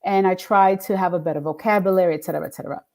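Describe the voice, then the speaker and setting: Animated middle-aged woman telling stories. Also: lowish voice, very fast. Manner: animated, acts out quoted voices with laughs. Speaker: guest, singer and radio DJ. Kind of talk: casual interview storytelling.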